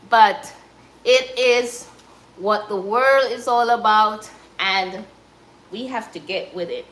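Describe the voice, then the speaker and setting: Slow-talking Jamaican woman, echoey room. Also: mid-range voice, a bit bright, a little hiss or hum. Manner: chatty, encouraging, addresses viewers as guys. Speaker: live-stream host. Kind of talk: casual live-stream chat while cooking.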